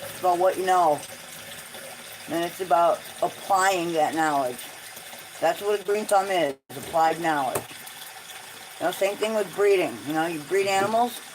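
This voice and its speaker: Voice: mid-range voice, moderate pace, long pauses, background noise. A livestream host in casual chat at home, blunt and opinionated, swearing freely.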